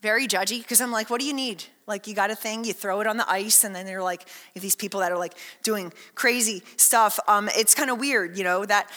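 A woman preaching a sermon to a congregation, chatty and animated, acting out little scenes and asking the room questions. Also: medium pitch, brisk, few pauses. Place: church hall. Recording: echoey hall.

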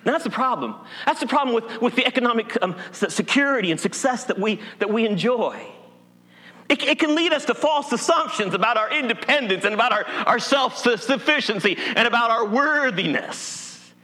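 A man's voice: extremely high pitch, expressive, moderate pace, bright, forceful tone. A male pastor from Appalachia preaching a sermon in a church, folksy and humorous. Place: church sanctuary. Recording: long hall reverb.

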